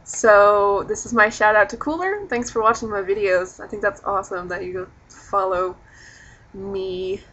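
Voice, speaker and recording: A woman's voice: mid-range voice, a little slow, a bit bright, lo-fi sound. A young woman chatting casually in a rambling vlog, sprinkling in swear words. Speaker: vlogger.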